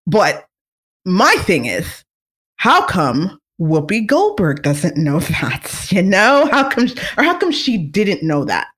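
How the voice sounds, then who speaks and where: In a mid-range voice and at an unhurried pace, a lively podcast host trades celebrity gossip, laughing easily and peppering the talk with fillers and restarts.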